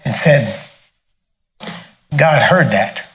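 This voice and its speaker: A middle-aged man telling a personal testimony in a casual, animated way, often laughing and acting out the other people in the story. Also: medium pitch, extremely slow. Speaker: minister sharing a testimony.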